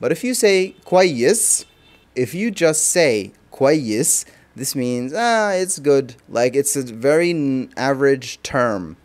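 A man teaching a casual language lesson, explaining phrases slowly and repeating them with an occasional chuckle. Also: medium pitch, expressive.

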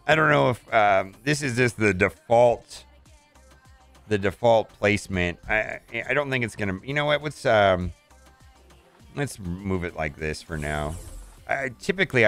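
A man talks his way through a mobile game in loose, rambling commentary, often restarting mid-sentence as he thinks aloud. His pitch swings widely up and down. Soft game music plays quietly behind him. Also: clear, resonant tone, no echo. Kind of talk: casual gameplay commentary.

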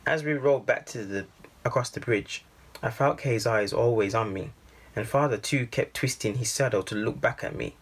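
A man reading a first-person storybook aloud in a calm, measured way. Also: mid-range voice, breathy edge. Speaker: storybook reader.

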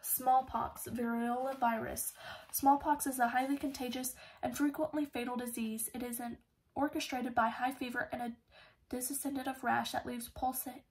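A woman's voice: high-pitched, little pitch movement, moderate pace, rough recording. A woman narrating an audiobook, reading every character's lines in her own voice, with occasional slips and restarts. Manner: reads all the characters' dialogue in her own voice.

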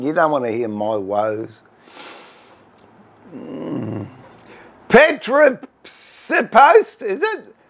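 A middle-aged man with an Australian accent, chatting on a casual livestream. His voice is gravelly and his pitch swings widely, and he talks at an unhurried pace. He greets viewers by name with easy, self-deprecating humour. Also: a bit bright. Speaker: woodworking livestream host.

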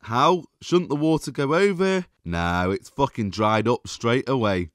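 A man's voice: mid-range voice, lively intonation, a little slow, no room sound, clean studio sound. A man giving a sarcastic, exasperated review monologue, swearing often as he rants. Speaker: TV show reviewer.

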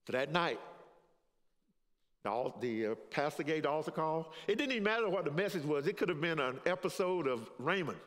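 A man's voice: on the high side, animated, brisk. Older male pastor preaching in a reverberant church. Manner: confessional storytelling, chuckling through it; swings from hushed to raised, preacherly. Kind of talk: sermon with personal testimony. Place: church sanctuary. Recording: long hall reverb in a church.

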